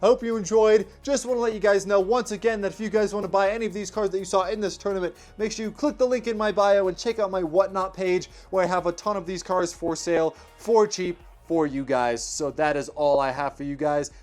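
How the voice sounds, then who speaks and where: High-voiced young man calling toy car races. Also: fairly quick, few pauses, soft background music. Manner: energetic play-by-play commentary. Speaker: toy car race host. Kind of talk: race commentary vlog.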